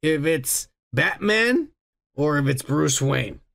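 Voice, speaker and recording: A man with a high-pitched voice and heavy gravelly fry co-hosts a podcast. He rambles through casual chat, swearing offhand and restarting his sentences as he goes. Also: expressive, slow pace, fairly bright tone. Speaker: podcast co-host.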